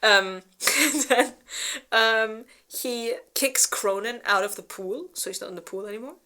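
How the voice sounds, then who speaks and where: A woman's voice: a little high, unhurried, bright, forceful tone. A woman co-hosting a book club, casually retelling a plot with lots of fillers, swearing and little acted-out quotes. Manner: rambling with many fillers and restarts, swears freely; acts out characters in exaggerated quoted voices. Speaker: book club co-host presenting a slideshow summary.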